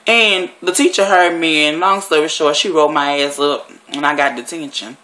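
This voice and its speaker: A woman's voice: lowish voice, normal speed, few pauses, pushed and bright. A woman vlogger telling a story in a blunt, profane and rambling way, sitting at home. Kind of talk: casual storytelling monologue.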